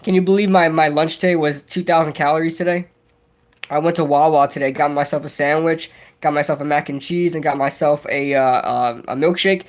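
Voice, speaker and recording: A young man hosting a casual livestream, rambling excitably and answering viewers' chat as he goes. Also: a little high, fairly quick. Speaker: livestream host.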